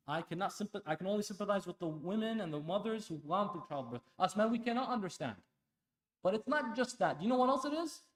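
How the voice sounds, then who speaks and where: A man preaching a sermon at an Islamic center, impassioned, dropping to a hush and then rising loud, firing rhetorical questions at the congregation. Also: sits high. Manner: impassioned, swings between hushed and loud; asks the audience pointed rhetorical questions. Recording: echoey hall.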